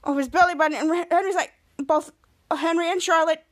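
A woman's voice: extremely high pitch, steady tone, fairly quick. A woman hosting a podcast, retelling a show episode in a casual, rambling way, often correcting herself mid-line. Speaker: podcast host.

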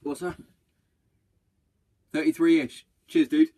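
Swearing, rambling bloke, a bit husky. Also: male voice, on the high side, very animated, slow pace, mellow, distant mic. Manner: swears constantly, rambling and blunt. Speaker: podcast host. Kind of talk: casual chat.

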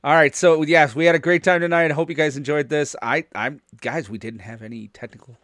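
A man's voice: fairly high pitch, steady tone, brisk, a bit bright. A man co-hosting a podcast in a casual, rambling way, laughing often as he wraps up. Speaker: podcast co-host and director.

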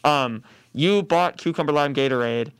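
A man's voice: fairly high pitch, moderate pace, gravelly, clean tone, no echo. Young man, podcast host, casual rambling chat, giggly, dry sound. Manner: giggly, rambling, with many ums.

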